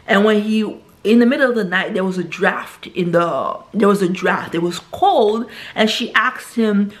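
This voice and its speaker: A woman's voice: expressive, moderate pace. A woman talking casually to her viewers in a rambling monologue, tagging "right?" onto her sentences. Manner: rambling, says "right?" constantly; acts out quoted characters in a higher voice. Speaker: vlogger.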